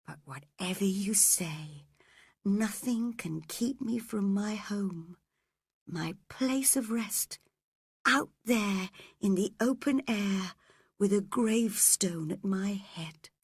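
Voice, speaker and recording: Delirious young woman, haunted and breathless, voiced by a woman reader; slow, husky half-whispers. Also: medium pitch, no room sound, clean studio sound.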